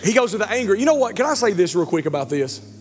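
A man, preaching a sermon as pastor, animated and joking, stumbling over words. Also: sits high, fast. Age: 40s. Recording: church hall reverb with faint music.

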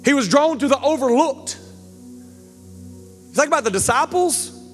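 A man, preaching a sermon as pastor, animated and joking, stumbling over words. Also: extremely high pitch, a little slow. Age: 40s. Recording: church hall reverb with faint music.

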